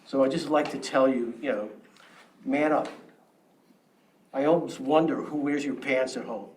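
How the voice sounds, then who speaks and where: A man's voice: mid-range voice, normal speed, a little mellow. Confrontational middle-aged man, distant mic. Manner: confrontational, lecturing, taunting. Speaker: public commenter at a township meeting. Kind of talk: public comment speech. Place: township meeting room. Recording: distant mic with faint room noise.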